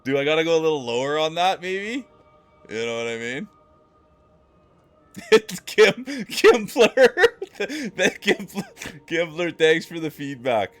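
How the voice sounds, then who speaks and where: A man's voice: on the high side, sing-song, slow pace, soft background music. A man livestreaming, talking casually and playfully with his chat, laughing often.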